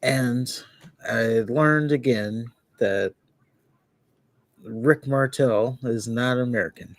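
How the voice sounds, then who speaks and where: A man's voice: mid-range voice, slow, no echo. A man co-hosting a podcast in casual chat, giving short agreeing replies and laughing easily. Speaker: podcast co-host.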